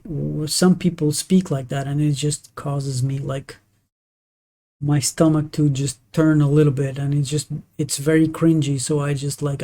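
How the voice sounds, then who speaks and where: In a mid-range, mellow voice, a native Portuguese speaker streams a game live and talks casually. The talk is opinionated and halting, with many restarts along the way.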